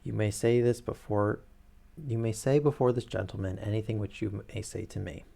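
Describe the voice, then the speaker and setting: A man reading aloud the lines of a sharp, brisk Victorian detective in his own voice. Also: fairly low pitch, fairly even intonation, gravelly. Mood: dry.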